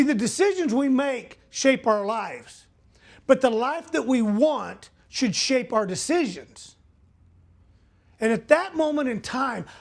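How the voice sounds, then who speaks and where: A man speaking as a motivational speaker, telling a personal story earnestly and asking the audience direct questions. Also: extremely high pitch.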